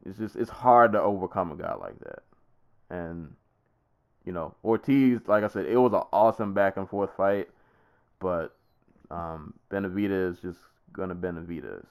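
A man's voice: on the low side, moderate pace, clear, resonant tone. A man co-hosting a podcast, chatting casually about a fight in a rambling, easygoing way with lots of fillers and restarts. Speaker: podcast co-host. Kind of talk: casual sports chat.

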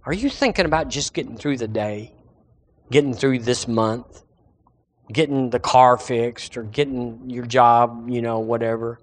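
A man preaching a sermon as pastor, animated and acting out the voices of his listeners. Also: medium pitch, unhurried.

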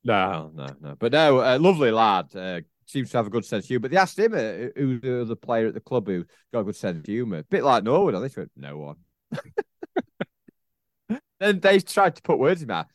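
A man co-hosting a casual football podcast, chatty and animated, laughing often as he tells stories. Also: mid-range voice, brisk, no echo, studio quality. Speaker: podcast co-host.

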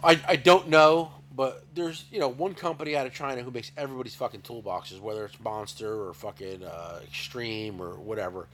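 A man's voice: medium pitch, a little fast, few pauses, fairly bright tone, slight background noise. A middle-aged man hosting a casual podcast, talking in a rambling, profane way with many repeated words. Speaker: podcast host, tool shop owner. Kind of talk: casual chat.

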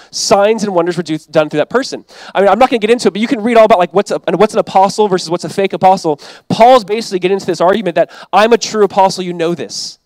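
A man's voice: high voice, dry recording, rough recording. A man pastor preaching a sermon in a conversational, emphatic way, often acting out quoted lines.

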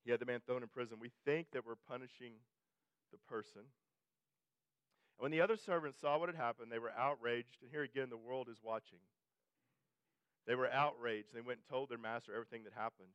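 A man's voice: mid-range voice, a little fast, long pauses, a bit bright, clean tone, no room sound, highs cut off. A male pastor preaching a sermon in a conversational way, often restarting and repeating phrases and pushing his voice up for emphasis.

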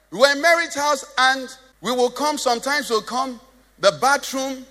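A man's voice: extremely high pitch, a little slow, bright, forceful tone, long reverb tail. A Nigerian man preaching a sermon as pastor, joking and asking the congregation questions. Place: church hall.

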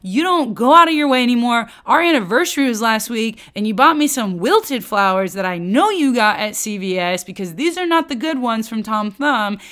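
A woman's voice: fairly high pitch, lively intonation, moderate pace, hardly any pauses, fairly bright tone. A woman voicing an exasperated wife who sarcastically lists her complaints to her husband. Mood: indignant. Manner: indignant, sarcastic listing of complaints.

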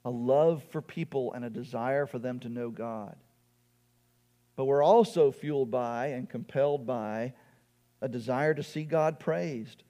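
Pastor guy preaching slow and earnest, kinda high voice, swells up then drops way down. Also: darkish tone. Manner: earnest preaching, rising to emphatic peaks and dropping low. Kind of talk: sermon.

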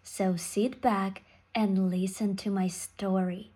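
A woman reading a fairy tale aloud to children, in slow, clear, simple sentences. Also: medium pitch, little pitch movement, warm tone.

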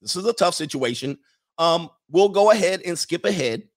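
A man's voice: high-pitched, lively intonation, normal speed. A man giving casual, chatty commentary over film clips, repeating himself and dropping into character voices. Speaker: video commentator.

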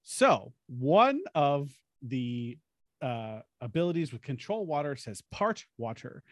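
Man, podcast host, lively pitch, dry close sound, chatty storyteller. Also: slow, dry recording. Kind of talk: casual storytelling about a tabletop game.

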